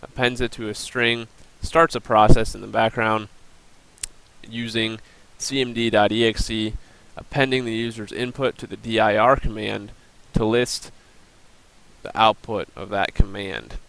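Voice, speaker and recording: A man's voice: on the low side, steady tone, measured pace, gravelly, a bit bright, clean tone, poor audio. A young man giving a recorded class presentation, plainly explaining and walking through a screen demo with the odd um and uh. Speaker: student presenter.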